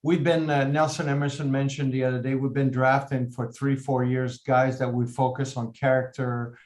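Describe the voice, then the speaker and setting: A man in his fifties answering interview questions as a team president, earnest and measured, with halting restarts. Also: mid-range voice, level tone, darkish tone. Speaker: team president, podcast guest.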